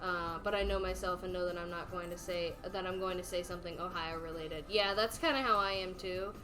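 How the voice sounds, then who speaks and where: A woman's voice: on the low side, steady tone, a little fast. A woman with a Southern US accent, streaming from home and chatting casually, sometimes reading out chat messages. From South Carolina, US. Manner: hesitant, reads out chat messages.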